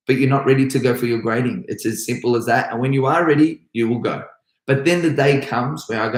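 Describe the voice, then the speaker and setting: A man's voice: mid-range voice, a little fast. Upbeat Australian man in an echoey room. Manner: upbeat, chatty, rambling with restarts. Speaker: karate instructor hosting a live Q&A. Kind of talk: live stream Q&A, reading comments.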